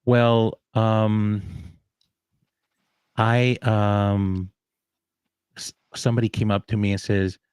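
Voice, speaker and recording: A man who grew up in the American South, speaking in a relaxed, encouraging panel chat with frequent pauses. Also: fairly low pitch, clean tone, no room sound. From Southern United States. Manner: encouraging, reflective, many pauses. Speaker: guest speaker.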